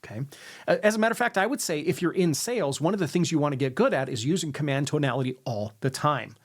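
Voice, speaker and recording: A man with a somewhat raised pitch delivers an instructional lesson on persuasion. He often checks in with "right?" and deliberately lets his sentences drop at the end. The delivery is that of a coach talking straight to camera. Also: lively intonation. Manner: demonstrates intonation, ends sentences on a lower note; tags questions with "right?". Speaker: sales and influence coach.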